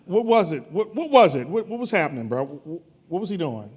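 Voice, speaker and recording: A lively man hosts a conference from the stage. His voice sits high and swings widely as he ribs the crowd with quick, teasing jokes. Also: breathy edge. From New Orleans. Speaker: conference host. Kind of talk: playful stage banter with audience.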